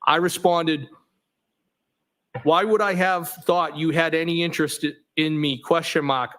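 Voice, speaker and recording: A man testifying as a trial witness, reading text messages aloud in a steady, matter-of-fact way, saying the punctuation out loud. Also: a little high, measured pace. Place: courtroom.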